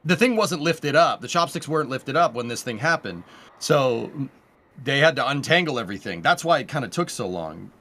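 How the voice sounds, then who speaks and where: A man co-hosting a livestream, talking in a relaxed, rambling way as he explains what happened. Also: medium pitch, a little fast. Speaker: livestream co-host. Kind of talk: casual livestream chat.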